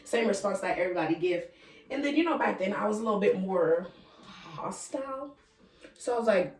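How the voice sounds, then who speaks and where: A woman's voice: medium pitch, expressive, fairly quick, darkish tone, distant mic. A young woman telling a casual storytime to her viewers, frank and chatty, swearing freely and talking straight to the audience. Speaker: vlogger. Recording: roomy sound from the mic.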